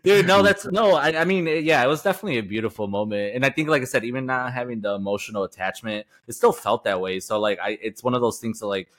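A man's voice: medium pitch, quick pace, few pauses, a bit bright. A man co-hosting an anime review podcast, talking in casual chat with joking, teasing banter. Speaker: podcast co-host.

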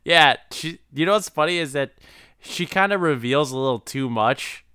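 A man with a smooth, crisp, bright voice chats loosely about a movie. He rambles through his asides and laughs easily, recorded dry and close. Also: on the high side, expressive, moderate pace, no room sound. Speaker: podcast co-host. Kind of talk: casual movie recap chat.

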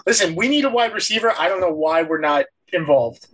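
A man's voice: sits high, animated, a little fast, fairly bright tone, breathy edge, low-quality recording. A young man hosting a casual sports podcast, teasing and sarcastic with his co-hosts. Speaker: podcast host.

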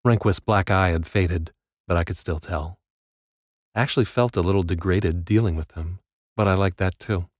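A man's voice: low voice, normal speed, no room sound, clean studio sound. A man reading a first-person audiobook in a grim, wry narrating manner.

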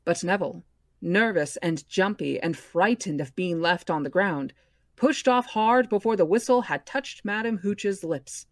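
A woman hosting a book club podcast, reading a novel aloud in a measured, expressive way. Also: mid-range voice, dry recording, studio quality.

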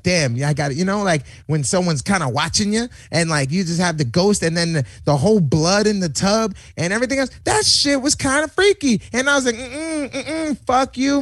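A man hosting a casual podcast chat, telling stories in an excitable, profane, laughing way. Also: high-pitched, fast talker, few pauses, dry recording, studio quality.

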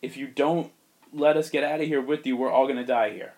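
A man's voice: mid-range voice, fairly quick, a little mellow, lightly acted. A man voicing an alarmed, tough woman soldier in a raised, urgent voice.

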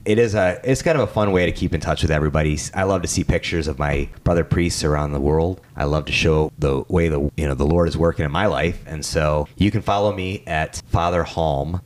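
A man's voice: very deep voice, moderate pace, hardly any pauses, slight background noise. A man, a parish priest, chatting casually on a podcast and leading a closing prayer. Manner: relaxed, leads a closing prayer.

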